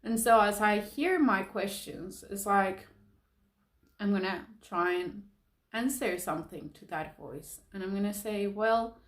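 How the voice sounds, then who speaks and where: A woman coaching listeners through a guided reflection, speaking slowly and calmly with soft laughs. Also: medium pitch. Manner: slow, calm and soothing, with soft laughs. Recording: echoey room.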